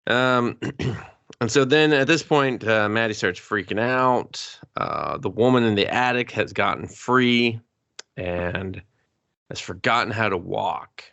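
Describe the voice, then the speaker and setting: Gravelly, bright-voiced male podcaster. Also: lowish voice, slow, dry recording, muffled recording. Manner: profane, jokey, acts out characters in exaggerated voices. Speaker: podcast co-host. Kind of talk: casual movie recap chat.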